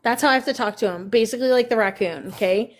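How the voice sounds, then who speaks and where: A woman hosting a casual live stream, chatting with viewers and cooing at her dogs in a high baby voice. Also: fast talker, slight background noise. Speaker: livestream host.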